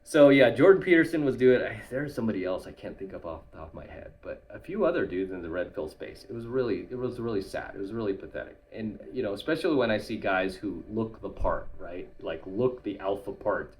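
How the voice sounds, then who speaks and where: A man's voice: fairly low pitch, expressive, fairly quick, few pauses, a little mellow. A man and YouTuber coach talking bluntly in a casual monologue to camera, tagging his points with "right?". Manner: blunt, tags lines with "right?".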